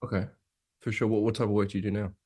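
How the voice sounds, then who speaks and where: A man's voice: on the low side, little pitch movement, racing, a little mellow, slightly rough. A man practising a sales call, hesitant and casual, often repeating words. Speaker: salesperson in training.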